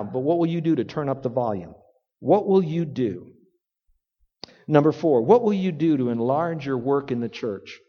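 A man preaching a sermon, telling a folksy story and building to emphatic points. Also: medium pitch. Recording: dull lo-fi recording with long hall reverb.

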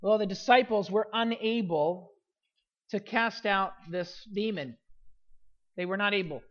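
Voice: mid-range voice, a little slow, dull audio. A pastor preaching a sermon in an earnest manner, with frequent restarts and rising emphasis.

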